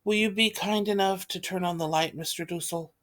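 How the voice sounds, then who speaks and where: A woman reading the part of a gentle, protective mother in a play read aloud, speaking in a soft, calming way. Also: on the low side, fairly quick, close to an everyday voice. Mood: soothing.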